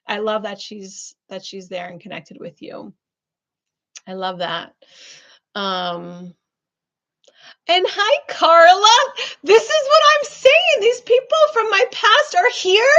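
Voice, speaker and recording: A fairly high-voiced woman talks warmly and effusively to her live-stream viewers from her room, her chat loaded with ums and soft asides. The audio is dull and lo-fi, like a muffled online stream. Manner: warm, effusive, chatty with many fillers. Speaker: spiritual business coach hosting a live reading.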